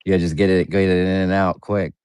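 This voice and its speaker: Very low-pitched man, joking banter on a voice call, dry sound. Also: little pitch movement, fast, a little mellow, clear, resonant tone, no room sound. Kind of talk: casual chat on a voice call.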